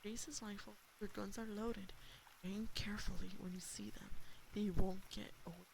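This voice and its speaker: A woman's voice: mid-range voice, fairly even intonation, normal speed, vocal fry, a little mellow, slight background noise, lightly acted, low-quality recording. A woman voicing a cold, threatening male camp director in a whispered role-play on a binaural mic. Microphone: binaural ASMR mic.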